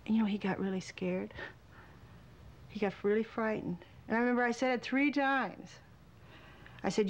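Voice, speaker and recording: A middle-aged woman, a welder and artist, telling a candid story for a documentary, swinging between loud and hushed. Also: medium pitch, normal speed, pauses often.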